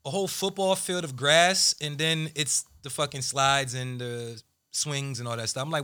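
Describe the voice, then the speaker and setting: Bright-voiced slangy man host. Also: mid-range voice, a little fast. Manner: slangy, animated, profane. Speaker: podcast host. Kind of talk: casual chat.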